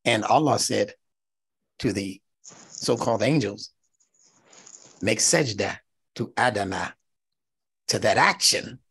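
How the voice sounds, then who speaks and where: A middle-aged man teaching a lecture class, animated and teacherly, checking his listeners with "right?" and rising to emphatic peaks. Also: on the low side, takes it slowly, gravelly, pauses often, breathy edge. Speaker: instructor.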